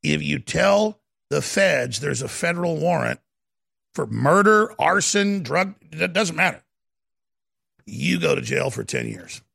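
Male talk host, gravelly husky voice, high and wildly swooping pitch, heated shouting rants. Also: very animated, unhurried. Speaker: radio talk show host. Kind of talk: ranting political talk.

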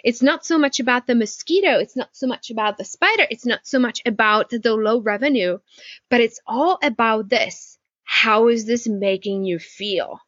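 A woman business coach telling a story on a video call, lively, with many rhetorical questions. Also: fairly high pitch, moderate pace, no echo. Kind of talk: casual talk on a video call. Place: home porch. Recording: dull, muffled video-call audio.

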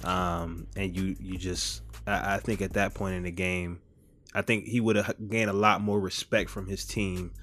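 A man chatting about sports on a podcast, relaxed and low-key. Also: moderate pace. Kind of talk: casual sports chat.

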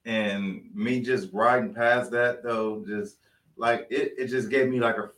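Slow, hesitant young man. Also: mid-range voice, steady tone, fairly bright tone. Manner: halting, hesitant storyteller. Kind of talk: casual chat. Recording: roomy sound from a distant mic.

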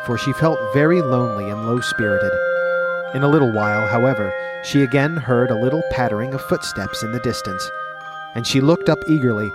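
A man reading a classic children's story aloud in a measured, unhurried way. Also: medium pitch, over loud music. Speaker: podcast storyteller.

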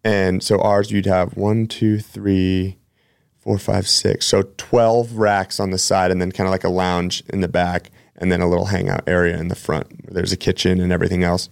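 A man's voice: sits low, level tone, normal speed, gravelly, no room sound, clean studio sound. A man hosting a podcast, a personal trainer telling rambling, chatty stories with many self-corrections. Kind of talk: casual storytelling.

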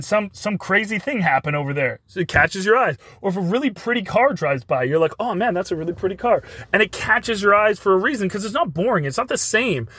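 A man's voice: high voice, a bit bright, husky, no echo. A man hosting his own podcast, talking emphatically and loosely with fillers in a casual solo monologue. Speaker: podcast host.

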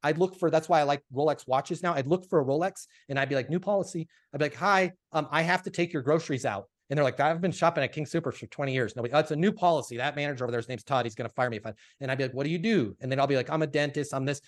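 A man, a sales coach being interviewed, telling stories in a casual, animated way and acting out the dialogue. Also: a little high, very fast, hardly any pauses. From Colorado, USA.

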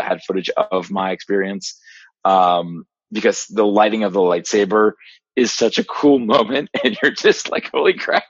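A man telling a long, excited story as a podcast guest, rambling with many fillers and restarts. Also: lowish voice, slightly rough, dry recording. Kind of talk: casual storytelling monologue. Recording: dry, slightly dull lo-fi podcast audio.

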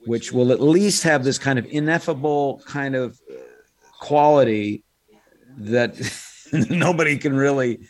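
Animated storytelling middle-aged man. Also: medium pitch, a little slow. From United States. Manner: animated storyteller, drops into quoted voices. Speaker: guest, voice actor and impressionist. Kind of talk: casual interview chat.

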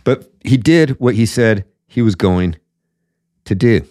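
A man's voice: lowish voice, expressive, measured pace, warm tone, no echo, clean studio sound. Blunt, emphatic male political host. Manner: blunt, emphatic, says "man" often, many fillers. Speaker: podcast host. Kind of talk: opinionated political commentary.

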